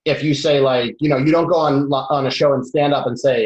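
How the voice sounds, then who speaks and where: A man from the United States, a comedian, talking in a casual interview with many restarts and lively bursts. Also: medium pitch. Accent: Boston. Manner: animated, quick talker with many restarts. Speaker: comedian guest. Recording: roomy, dull lo-fi sound.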